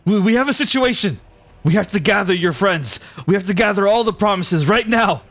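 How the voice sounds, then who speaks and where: A man voicing a panicked young male messenger who shouts urgently. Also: high voice, expressive, a little fast, faint music behind, pitched above the performer's own voice, heavily acted.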